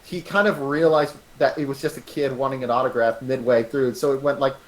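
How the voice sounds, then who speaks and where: A man retelling an anecdote in a casual online chat, animated and full of restarts. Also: mid-range voice, fairly quick, poor audio. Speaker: podcast co-host. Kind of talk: casual storytelling. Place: online voice call.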